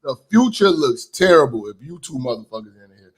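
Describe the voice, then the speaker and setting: A high-voiced man rants and swears through reaction commentary. His pitch swings all over the place as he jumps from one complaint to the next. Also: a little fast. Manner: animated, swearing, ranting. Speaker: commentary streamer.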